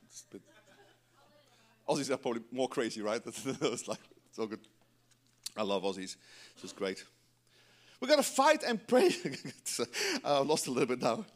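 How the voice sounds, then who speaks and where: A middle-aged man preaching a sermon in church, animated and breaking into joking asides to the congregation. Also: mid-range voice, normal speed, pauses often. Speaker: pastor.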